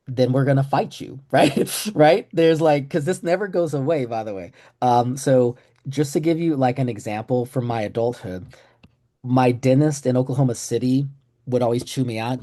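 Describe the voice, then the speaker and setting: A man's voice: mid-range voice, mellow. A middle-aged man from Texas giving a casual, joking webinar training on a video call, with self-deprecating humor. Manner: joking, self-deprecating, acts out quoted voices. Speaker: trainer presenting to clinicians.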